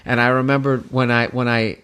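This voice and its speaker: A man's voice: mid-range voice, brisk, clear, resonant tone. A male comedian with a Boston accent telling a story on stage in a casual interview, swearing often and acting out crowd voices. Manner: animated, profane, acts out crowd voices. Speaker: guest comedian.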